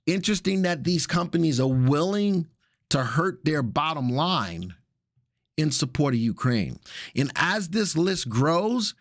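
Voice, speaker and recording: A man's voice: a little high, lively intonation, measured pace, no echo, studio quality. A man hosting a live stock market update, talking through charts in a casual, chatty way with jokey asides. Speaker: stock market analyst host.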